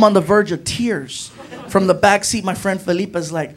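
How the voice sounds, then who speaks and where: A man's voice: high-pitched, moderate pace. A male stand-up comedian telling a story on a club stage, acting out scenes and checking in with "right?". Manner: animated, acts out scenes, frequent "right?". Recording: live show, audience laughter. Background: audience laughter.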